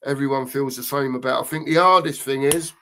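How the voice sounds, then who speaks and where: This older man runs a fan channel and chats casually on a live stream, reading comments aloud. His medium-pitched voice stays fairly even and moves a little fast, and he rambles, repeating phrases in a chatty way. Background noise can be heard.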